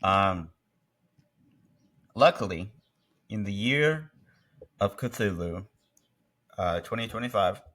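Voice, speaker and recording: A man's voice: lowish voice, slow pace, pauses often, a bit bright. A man co-hosting a casual movie review chat, joking and teasing as he goes. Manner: jokey, mocking mock-British impressions. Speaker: podcast co-host.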